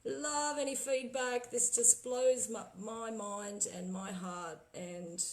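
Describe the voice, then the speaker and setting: A woman vlogger in casual livestream chat who talks excitedly, trails off and laughs often. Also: on the high side, slow pace, poor audio. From Australia. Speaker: vlogger playing spirit recordings.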